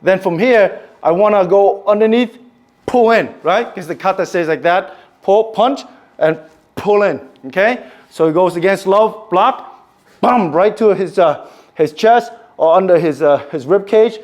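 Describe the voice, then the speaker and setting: Male martial arts instructor, slightly high voice, explains moves step by step, adds strike noises. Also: a little slow, a little mellow. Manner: instructive, checks in with "okay?", sound effects for strikes. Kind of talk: demonstrating kata applications.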